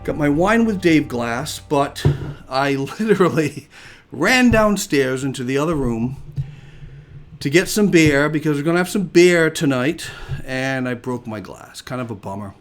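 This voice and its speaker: A man's voice: on the high side, animated, unhurried, faint music behind. A man hosting his own live show from home, chatting casually and upbeat, a little out of breath, repeating himself as he goes. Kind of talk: casual live-stream chat.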